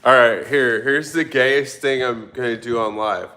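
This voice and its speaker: With a mid-range, sharp-toned voice and an unhurried pace, this man hosts a livestream. He keeps things relaxed, joking and swearing as he reads out viewer comments, in an echoey room.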